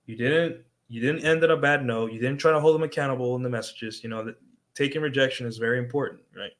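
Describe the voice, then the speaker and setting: A young adult man with a medium-pitched, slightly bright voice talks casually on a livestream as a dating coach. His manner is conversational, and he keeps tagging his points with "right?"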